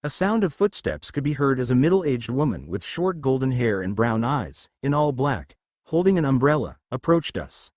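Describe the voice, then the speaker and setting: A man's voice: mid-range voice, big pitch swings, moderate pace, darkish tone, no echo, studio quality. A man narrating a first-person fan fiction story in a dramatic reading.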